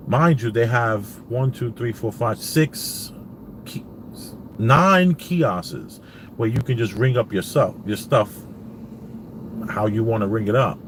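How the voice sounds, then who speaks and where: A man's voice: mid-range voice, background noise. A man recording a casual vlog from his parked car, telling a long rambling story and replaying conversations with frequent "I says" asides. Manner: rambling, retells dialogue with many "I says" asides. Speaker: vlogger.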